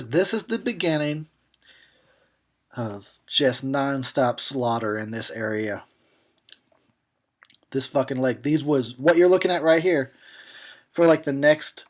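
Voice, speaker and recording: A horror host giving a drunken commentary on a film, rambling and swearing and often breaking into laughter. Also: mid-range voice.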